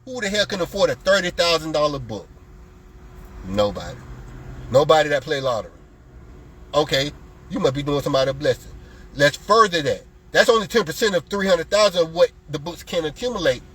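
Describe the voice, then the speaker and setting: A man's voice: a little high, expressive, fairly quick, a bit bright, slightly rough, low-quality recording. A man selling lottery strategies, ranting in a heated, profane way and mockingly mimicking his customers. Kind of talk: heated live-stream rant.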